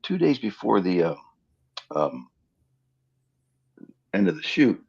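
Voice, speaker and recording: A man's voice: on the low side, takes it slowly, creaky, breathy edge, highs cut off. A middle-aged man guesting on a live-stream interview, animatedly telling anecdotes and acting out the dialogue of others. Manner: animated storyteller who acts out quoted dialogue. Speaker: interview guest, film stand-in and double. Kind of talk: casual anecdotal storytelling. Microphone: remote live-stream call.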